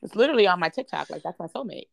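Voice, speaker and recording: A woman's voice: on the low side, lively intonation, rapid-fire, creaky. A young woman, co-hosting a casual podcast chat, blunt and playful. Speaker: podcast co-host.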